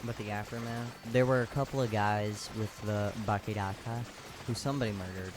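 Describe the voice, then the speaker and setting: Man, low voice, crude sarcastic ranting, slangy, steady noise behind. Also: moderate pace. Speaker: youtuber recapping an anime. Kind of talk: comedic ranting recap.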